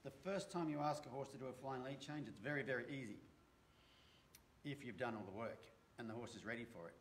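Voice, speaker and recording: A man who trains horses, talking casually in a live video with a relaxed, rambling way of telling stories and frequent restarts. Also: mid-range voice, fairly quick, a little hiss or hum. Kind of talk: casual conversational chat.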